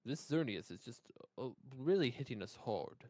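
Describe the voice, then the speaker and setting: A man's voice: mid-range voice, lively intonation, moderate pace, warm tone, no room sound, studio quality. A man streaming a game with friends, making playful jokes in casual gameplay chat. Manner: joking, playful banter.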